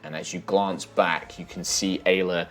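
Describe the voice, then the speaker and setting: A man's voice: sits low, flat delivery, normal speed, a bit bright. A man narrating a fantasy tabletop game as dungeon master, describing scenes vividly with some fillers.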